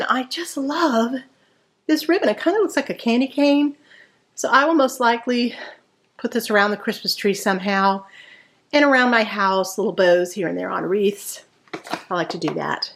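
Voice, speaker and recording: A woman in her sixties hosting a casual grocery haul vlog, chatty and homey, rambling with fillers and a little out of breath. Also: a little high. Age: 60s. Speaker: vlog host.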